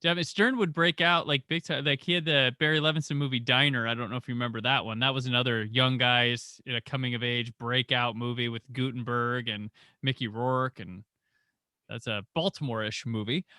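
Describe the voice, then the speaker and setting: A man hosting a movie podcast, talking casually and acting out the people in his anecdotes. His voice is bright and forward, and it sounds dry and close, with little room around it. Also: mid-range voice, fairly quick, dry recording. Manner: animated storyteller, acts out quoted voices. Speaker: podcast host.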